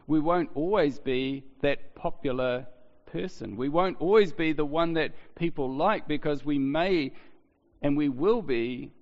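A man preaching a sermon in a relaxed, conversational way, asking rhetorical questions and often restarting his sentences. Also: fairly high pitch, measured pace. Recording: dull, lo-fi, long hall reverb.

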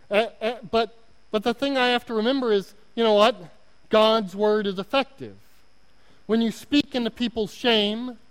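A man's voice: high voice, clean tone. A man with an Oklahoma accent preaching a sermon as a guest pastor, earnest and self-deprecating, repeating words for emphasis. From Oklahoma, United States. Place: church. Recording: long hall reverb.

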